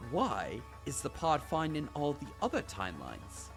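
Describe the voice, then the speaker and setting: A man's voice: a little high, unhurried, gravelly, music in the background. Man reading a game aloud on stream. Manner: animated, self-mocking, swears freely.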